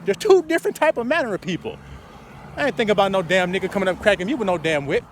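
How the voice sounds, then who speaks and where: Animated profane street preacher, man. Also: high voice, very fast, slight background noise. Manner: animated, swings from muttering to loud outbursts, laughs often.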